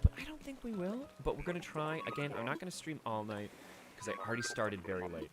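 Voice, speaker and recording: Loud music plays behind a young man talking fast on a late-night game stream, his medium-pitched voice swinging widely in pitch. He rambles emotionally about a lost pet, choking up at times, swearing, and restarting.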